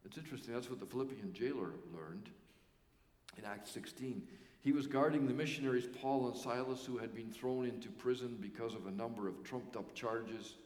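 A male pastor preaching a sermon with earnest emphasis and pauses that let key words land. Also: medium pitch, a little mellow. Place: church sanctuary. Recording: echoey church hall.

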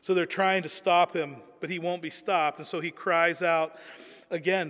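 A man's voice: a little high, steady tone, normal speed, fairly bright tone, in a large hall. A man preaching a sermon in an earnest, emphatic way, often repeating words as he builds a point.

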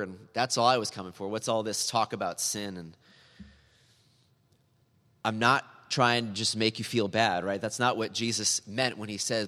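Male pastor, low voice, earnest sermon with emphatic repetitions, recorded in a reverberant church hall. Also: steady tone, moderate pace, pushed and bright. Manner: earnest, building to emphatic repeated appeals.

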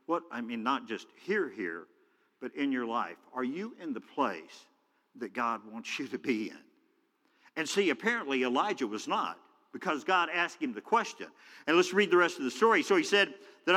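A man's voice: a little high, expressive, moderate pace. Male preacher in a reverberant church. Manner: dramatic storytelling, voices God and Elijah, swings from loud to hushed. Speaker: pastor. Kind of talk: sermon. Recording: long hall reverb.

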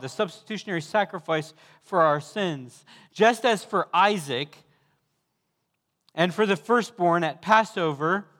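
A man's voice: a little high, fairly bright tone, big-room sound. A man preaching a sermon as pastor, building fervently to emphatic repeated calls.

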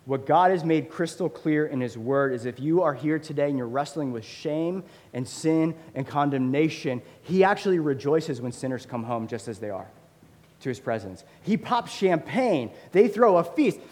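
A man in his thirties preaching a sermon as a pastor, conversational and animated, with lots of fillers. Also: fairly high pitch, normal speed. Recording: long hall reverb.

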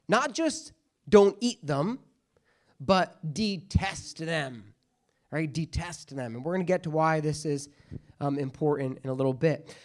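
A man teaching a casual Bible study, talking conversationally with joking asides and frequent checks like "okay?" and "all right?". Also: sits high.

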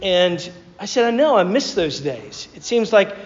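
Southern man, pastor, sermon, high voice, rambling storyteller, lots of fillers, dull sound. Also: very animated, unhurried. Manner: conversational, hesitant storytelling with many fillers and restarts. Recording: dull sound with long hall reverb.

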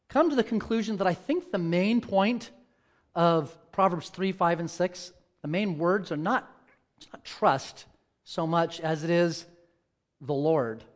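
A man preaching from the pulpit in a voice pitched a little above most men's. He drops to a near murmur in prayer and climbs to loud, fervent emphasis when retelling scripture scenes. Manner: reads scripture, prays softly, then tells stories and rises to loud dramatic peaks. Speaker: church elder preaching. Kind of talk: sermon.

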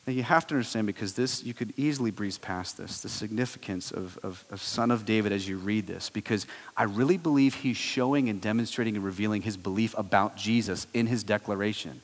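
A man preaching a sermon, telling the story with animated swings between loud exclaiming and hushed low tones. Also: fairly quick. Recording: long hall reverb.

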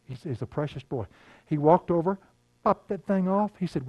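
An older man, preaching a sermon in a folksy storytelling way, laughing often and dropping to a hush. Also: a little high, moderate pace, dry recording, dull audio. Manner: folksy storytelling, laughing, swings from loud to hushed. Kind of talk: sermon with personal stories.

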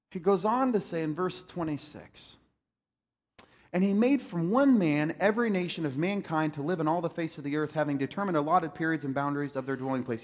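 A man preaching a sermon in an animated, conversational way, mixing jokes with scripture. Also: on the high side, in a large hall. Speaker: pastor.

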